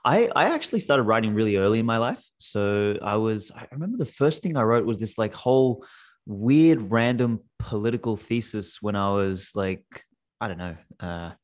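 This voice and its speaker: A man's voice: fairly low pitch, lively intonation, normal speed. A man in his thirties, a podcast guest, answering in a rambling, casual way full of restarts and "like". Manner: rambling, restarts, lots of fillers like "like".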